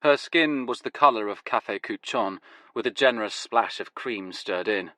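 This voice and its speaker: A man reading a first-person story aloud in a wry, deadpan way. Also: lowish voice, normal speed, no room sound. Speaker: audiobook narrator. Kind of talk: first-person scripted narration.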